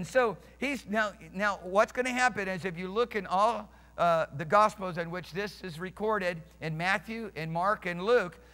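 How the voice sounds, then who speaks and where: In a church sanctuary, a male pastor preaches emphatically, restarting phrases and putting questions to his congregation. His voice sits high with a sharp tone, and the hall is reverberant.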